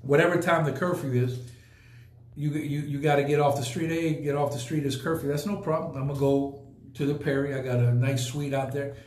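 A man's voice: mid-range voice, steady tone, fairly quick, a little mellow, reverberant, slight background noise. A man hosting a casual podcast, talking emphatically and repeating points for effect. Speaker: podcast host. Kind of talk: casual live podcast talk.

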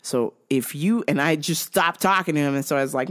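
On her own podcast, a woman tells a work story bluntly and sarcastically, swearing plenty and laughing often as she talks. Her voice is low and she speaks briskly with hardly any pauses. It's casual, comedic storytelling.

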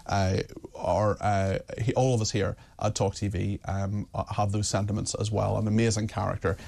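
A man's voice: on the low side, level tone, normal speed, vocal fry, a little mellow. A man hosting a live talk show, chatting casually and tripping over fillers as he goes. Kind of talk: live talk radio chat.

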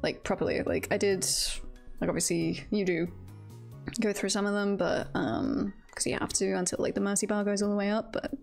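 A woman's voice: mid-range voice, fairly even intonation, brisk, gravelly, a little mellow. A woman streamer chatting casually while playing, giggly and rambling with many fillers. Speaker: VTuber streamer. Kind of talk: casual gameplay chat. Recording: faint background music.

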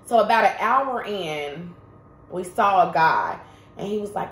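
A woman's voice: medium pitch, lively intonation, measured pace. Chatty woman vlogger in an echoey room. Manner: emphatic, chatty, addresses viewers directly. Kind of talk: casual storytime vlog. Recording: roomy echo.

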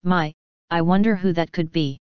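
A flamboyant, teasing male chaos spirit from a storybook, as a woman reads him out. The voice sits low for a woman and stays crisp and clear. The recording is dry and a little dull. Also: steady tone, moderate pace, dry recording, natural voice. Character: ancient chaotic male spirit creature, theatrical.

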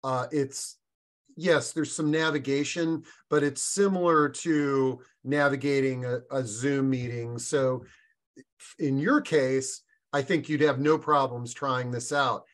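A man hosting a live online discussion, talking casually with frequent pauses and fillers. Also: medium pitch. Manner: relaxed, halting, many fillers. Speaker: webinar host.

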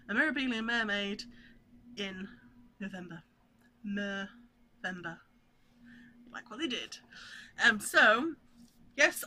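A woman's voice: a little high, pushed and bright. A woman chatting casually to camera in a home stitching vlog, rambling and breaking off her sentences. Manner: chatty, rambling, self-interrupting. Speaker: cross-stitch vlogger.

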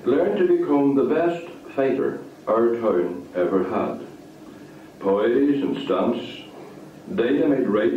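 Man reading a story, animated swings in pitch, very echoey far-off phone-like recording. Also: a little hiss or hum. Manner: lively, expressive reading.

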